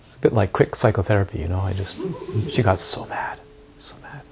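A man's voice: low voice, a little fast, creaky, breathy edge. A man teaching meditation to a group, asking his listeners repeated rhetorical questions and repeating words for emphasis. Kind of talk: dharma talk to a group.

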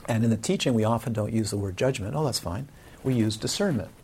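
A man's voice: on the low side, quick pace, darkish tone, a little hiss or hum. A man teaching a Buddhist dharma talk to a live audience, in a conversational way with frequent questions to the listeners.

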